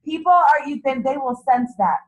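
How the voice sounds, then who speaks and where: A woman's voice: sits high, expressive, moderate pace, poor audio. A woman leading a sales meeting, giving a bubbly motivational talk to a small group and laughing often. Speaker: team leader running a sales meeting.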